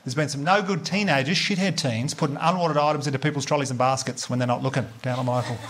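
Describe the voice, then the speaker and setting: A man's voice: mid-range voice, fast, fairly bright tone. An Australian man doing a stand-up comedy set, chatty and sweary, acting out bits of dialogue with the crowd. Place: comedy venue with live audience.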